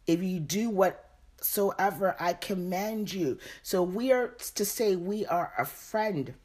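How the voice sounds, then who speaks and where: A woman's voice: mid-range voice, takes it slowly, a little mellow. A woman leading a Bible study, reading verses aloud and then repeating and explaining them. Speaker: Bible teacher.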